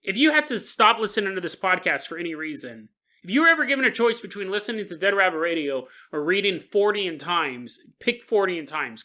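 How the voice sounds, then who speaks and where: A man hosting a podcast who tells a strange story in a comic way. He laughs often and talks straight to the listener. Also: a little high. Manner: animated, laughing, jokes to the listener. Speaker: podcast host. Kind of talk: comedic paranormal storytelling.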